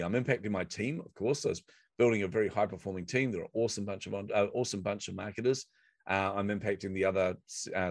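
Low-voiced New man telling a story. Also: no room sound. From New Zealand. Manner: animated anecdotal delivery with acted quotes. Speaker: guest. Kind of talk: storytelling in a podcast interview.

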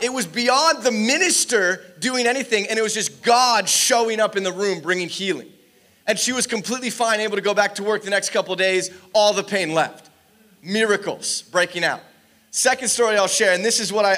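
A man preaching in church with a high, light voice. He tells stories with energy and slips into the voices of the people in them. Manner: animated storytelling, acts out quoted dialogue. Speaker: pastor. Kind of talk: sermon.

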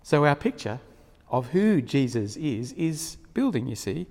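A man preaching a sermon, retelling a story in an animated way with frequent chuckles. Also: mid-range voice, measured pace. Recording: long hall reverb.

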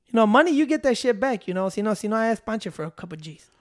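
A young man chatting casually in a rambling, profane, animated way, switching between English and Spanish. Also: high-pitched, very fast.

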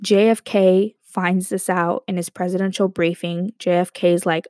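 A woman's voice: on the low side, normal speed, few pauses, no echo. Young woman rambling thru a crazy story, laughs a lot, dry close sound. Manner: animated, rambling, breaks into quoted voices and laughs. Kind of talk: casual storytelling to viewers.

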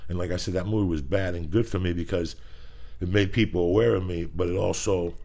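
A man's voice: low voice, fairly even intonation, a little fast, creaky, warm tone. A man hosting a podcast, chatting casually in a rambling, profane way. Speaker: podcast host.

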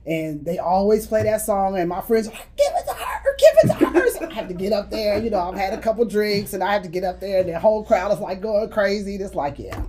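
A woman's voice: medium pitch, fast, hardly any pauses, crowd noise. A middle-aged woman who is a podcast guest, chatting casually, laughing easily and exclaiming. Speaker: guest, city finance official. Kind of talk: casual chat.

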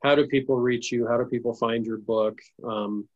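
A man's voice: medium pitch, fairly even intonation, normal speed, narrow, tinny audio. A man hosting a podcast interview, earnest and open about getting emotional as he wraps up. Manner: warm, earnest, gets emotional. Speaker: podcast host. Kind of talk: casual interview chat.

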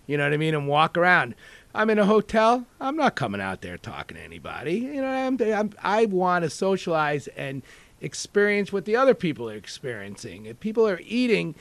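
A talkative chef from New York telling stories in an animated, rambling way, full of "you know.". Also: male voice, high-pitched, fairly quick, vocal fry, no room sound. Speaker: executive chef and deli owner. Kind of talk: casual interview talk.

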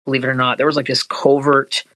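Guy voice actor chatting earnestly, lots of restarts, mid pitch, dry close sound. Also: flat delivery, fast, pushed and bright, no room sound, low-quality recording. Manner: rambling, restarts often, earnest. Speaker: voice actor guest. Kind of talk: casual interview chat.

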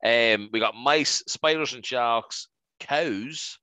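A man's voice: medium pitch, slow pace, sharp tone, no room sound. A man, co-hosting a podcast, running through listener replies in upbeat casual chat. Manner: upbeat, reads listener replies, fond of "right?". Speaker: podcast co-host.

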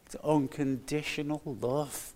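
An older man delivers a sermon in an earnest, emphatic way. He speaks slowly, with a slightly raised pitch, and leans on repeated phrases. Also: fairly even intonation, a little mellow, a little hiss or hum. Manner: earnest, slow and emphatic with repetitions. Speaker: preacher.

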